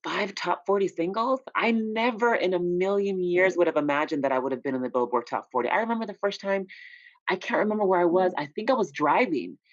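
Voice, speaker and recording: As a guest on a casual interview, an independent recording artist talks candidly about his career, spinning stories peppered with "you know." His voice is fairly high and fairly quick, and the recording is dull, lo-fi and dry, with no room echo.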